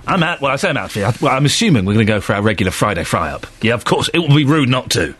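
A man's voice: mid-range voice, big pitch swings, racing, few pauses, a bit bright, husky, dry recording. A man presenting breakfast radio in a studio, joking, teasing and laughing often. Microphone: studio microphone with headphones.

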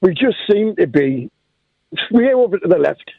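A man's voice: sits high, big pitch swings, moderate pace, vocal fry, no room sound. A man calling a radio phone-in from a parked car, earnest and despairing as he talks. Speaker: caller. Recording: tinny phone line from a car.

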